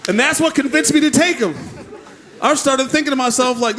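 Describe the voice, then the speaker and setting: A man performing a stand-up routine on a club stage, telling an animated, profane story and acting out voices. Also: very high voice, fairly quick. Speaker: stand-up comedian. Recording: live club audience and noise behind.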